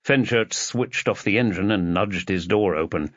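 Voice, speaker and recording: A man narrating a mystery novel as an audiobook in an expressive reading. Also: fairly low pitch, normal speed, hardly any pauses, no echo. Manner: expressive reading, voices the characters. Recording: dull, dry lo-fi recording.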